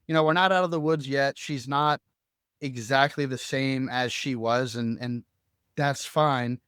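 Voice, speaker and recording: A man's voice: medium pitch, steady tone, unhurried, a bit bright, clear, resonant tone, no echo, clean studio sound. A young adult man co-hosting a podcast, telling a personal story casually and animatedly, full of fillers and acted-out quotes. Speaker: podcast co-host.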